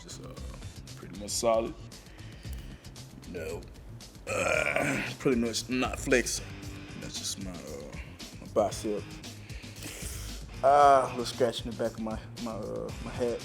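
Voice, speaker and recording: A man, a football player, rambling in mumbling deadpan banter. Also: mid-range voice, measured pace, vocal fry, long pauses, soft background music.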